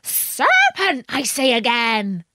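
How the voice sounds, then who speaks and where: A woman voicing a frantic, shrieking female pigeon in a storybook reading, shrill and scolding. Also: huge pitch swings, slow, a bit bright, dry recording, clean studio sound, full character voice. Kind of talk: storybook read-aloud.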